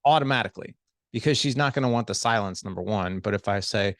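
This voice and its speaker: A middle-aged man with a low, gravelly voice, talking as a podcast guest. He coaches in a lively, conversational way and slips into acted-out dialogue. The sound is close and dry, with no room around it. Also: quick pace, no echo. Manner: animated, acts out quoted dialogue. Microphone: studio headset.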